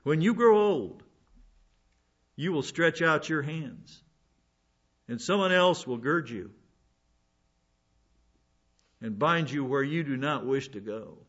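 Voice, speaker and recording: A man's voice: medium pitch, measured pace, fairly bright tone. A man preaching a verse-by-verse Bible sermon, conversational with folksy asides and frequent restarts. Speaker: pastor. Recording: dull lo-fi sound.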